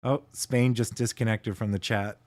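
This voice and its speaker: A man from Canada hosting a casual livestream, chatting with his viewers in a relaxed way and chuckling often. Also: on the low side, normal speed. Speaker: livestream host.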